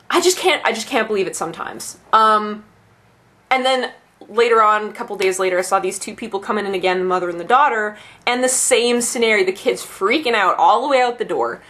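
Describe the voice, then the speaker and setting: A woman's voice: medium pitch, fairly bright tone. A young adult woman ranting casually about her bookstore job, swearing freely and laughing at her own asides. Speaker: bookstore employee.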